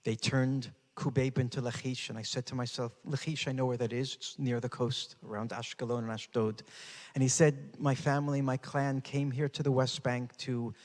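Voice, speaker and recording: A man's voice: mid-range voice, little pitch movement, moderate pace. Older man telling a story in a hall. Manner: dramatic, builds to raised intensity. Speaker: speaker. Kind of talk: storytelling talk. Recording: hall with long reverb.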